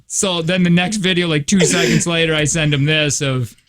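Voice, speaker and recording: A man's voice: a little high, moderate pace, a bit bright. A man hosting a morning radio show, chatting casually, laughing often and acting out other people's lines while telling stories. He says he is tired. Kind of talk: casual banter. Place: radio studio.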